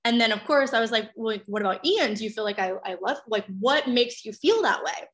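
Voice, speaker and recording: A woman's voice: expressive, a little fast, a bit bright. A woman, a mother in her thirties, telling a personal story in candid casual chat, swearing freely and acting out quotes. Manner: chatty, swears freely, acts out quotes with big pitch jumps.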